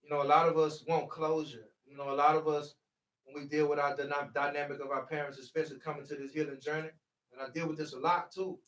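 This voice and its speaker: A man with a high voice gives a preachy motivational talk on healing. He presses each point hard and keeps circling back with "see". He sounds set back from the mic in an echoey room. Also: little pitch movement, fast, fairly bright tone, recorded from a distance. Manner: preachy, repeats "see" to drive points home. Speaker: healing speaker.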